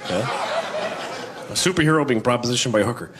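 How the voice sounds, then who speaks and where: A man doing stand-up comedy, deadpan between sudden silly voices. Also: medium pitch, brisk. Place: comedy club stage. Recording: noisy club with audience laughter. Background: crowd laughing.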